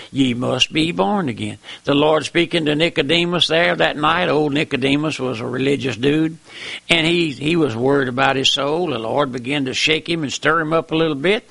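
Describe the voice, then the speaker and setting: A high-pitched preacher with a gravelly edge and a bright, tense tone. He talks in a folksy, plain-spoken way, keeps repeating "my friend," and climbs to emphatic high peaks as he preaches. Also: moderate pace. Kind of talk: sermon.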